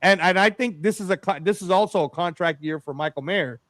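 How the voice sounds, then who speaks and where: A man hosting a casual sports podcast, animated and rambling, calling people "bro" and "man". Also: high-pitched, a little fast, no room sound. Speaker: podcast host.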